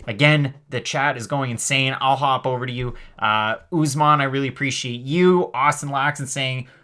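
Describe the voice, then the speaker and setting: A medium-pitched man hosts a live MMA stream, reading out the chat. He's energetic and talks rapidly in a chatty way, with lots of fillers.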